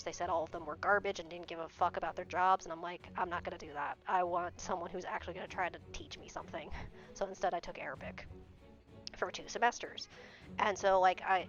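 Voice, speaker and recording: A woman's voice: on the low side, a bit bright. A young adult woman streamer in casual chat, talking bluntly and swearing freely. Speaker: game streamer. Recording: dull lo-fi stream audio with faint music.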